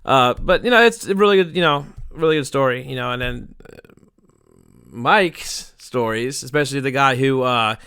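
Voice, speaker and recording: A man's voice: mid-range voice, normal speed, sharp tone, clear, resonant tone, dry recording, studio quality. A man rambling crudely through closing thoughts on a casual podcast, swearing and laughing as he goes. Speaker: podcast producer.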